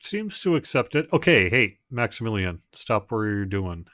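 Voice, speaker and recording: Low-voiced man running a tabletop game. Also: no room sound. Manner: relaxed, halting scene narration. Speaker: dungeon master.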